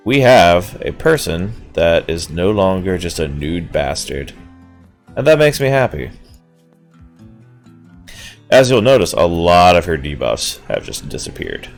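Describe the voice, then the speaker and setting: A man with a very low voice narrates his game in a rambling, self-amused way, tossing in casual swears. His pitch jumps around a lot, and he sounds sleepy, as if he has just woken up. Faint music plays behind him. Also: vocal fry. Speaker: let's-play host. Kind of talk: gameplay commentary.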